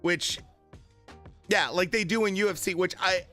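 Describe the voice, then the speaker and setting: A man's voice: sits high, normal speed, sharp tone, faint music behind. A man chatting casually on a live stream about boxing, with many fillers and retold quotes.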